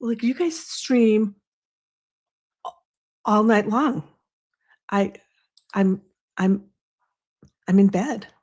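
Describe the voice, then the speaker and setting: A woman's voice: mid-range voice, drawn-out words, long pauses, darkish tone. A woman with a Boston accent hosting a casual livestream from home, rambling and chatting with asides to her viewers. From US East Coast. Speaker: livestream host. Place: home, snowy window behind. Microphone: desk microphone.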